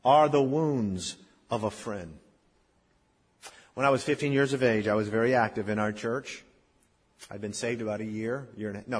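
A man in his fifties preaching a sermon, telling stories and swinging between loud emphasis and hushed, quiet lines. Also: mid-range voice, slightly rough. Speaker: pastor. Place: church sanctuary. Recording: long reverb of a church hall.

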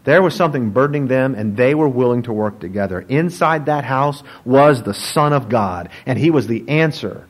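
A man, a pastor, preaching a sermon in an animated, joking storytelling manner. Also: mid-range voice, normal speed, hardly any pauses, low-quality recording.

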